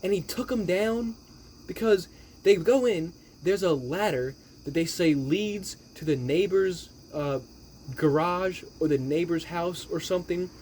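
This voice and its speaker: A man's voice: high-pitched, a little slow, darkish tone, slight background noise. Profane, exasperated man ranting about a movie. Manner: rambling, exasperated, heavy swearing. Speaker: movie reviewer. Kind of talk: profane movie recap rant.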